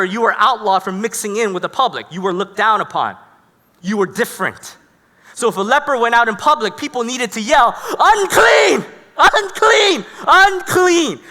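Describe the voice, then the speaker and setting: A man preaching a sermon as a pastor, telling stories in an animated, dramatic way. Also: high-pitched. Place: church hall. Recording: echoey church hall.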